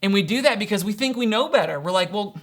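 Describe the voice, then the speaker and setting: A man's voice: high-pitched, animated, fast talker. A man preaching as a pastor in an earnest, conversational sermon, often asking rhetorical questions and using casual fillers. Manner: casual fillers like "kinda" and "right?".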